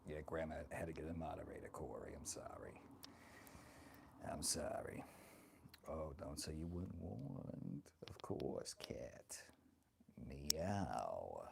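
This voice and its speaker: A man's voice: rumbling low, sing-song, slow, long pauses, pitched above the performer's own voice, heavily acted. A man voicing a crude, flirty grandmother of great age who teases her viewers and calls them honey, chatting with his stream audience in character. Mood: bawdy. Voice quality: gravelly. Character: crude flirty ancient grandmother, bawdy and vain. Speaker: livestreamer. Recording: noisy background.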